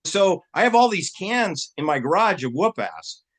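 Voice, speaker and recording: A man hosting his own channel in rambling casual commentary, animated and mocking, his voice jumping up high when he fires off rhetorical questions. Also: moderate pace. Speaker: channel host.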